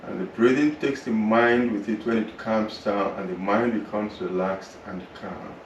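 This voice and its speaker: A man with a lowish voice leads a yoga class through a slow body scan and breathing work, soothing and unhurried. He sounds roomy and set back from the mic, with a faint hiss underneath. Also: fairly even intonation, recorded from a distance. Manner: slow, soothing, drawn-out guidance. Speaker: yoga teacher. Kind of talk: guided relaxation and yoga instruction.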